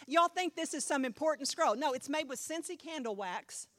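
A woman pastor teaches her Bible class, chatty and animated, and keeps asking the room questions. Her voice sits a little high. The recording is dry and close, with no room echo. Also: moderate pace.

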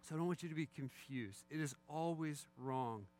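A man's voice: on the high side, normal speed, darkish tone. A middle-aged man preaching as a pastor, conversational and candid, with wry asides about his own failings. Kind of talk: sermon.

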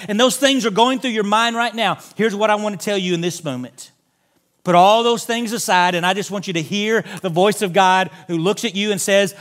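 A man's voice: high voice, fairly quick, a bit bright. A pastor preaching a sermon in a church, making earnest, direct appeals to his congregation. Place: church sanctuary.

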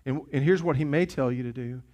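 A man's voice: medium pitch, fairly quick, darkish tone. A man preaching a sermon as pastor, impassioned and urgent, often repeating himself for emphasis. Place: church sanctuary.

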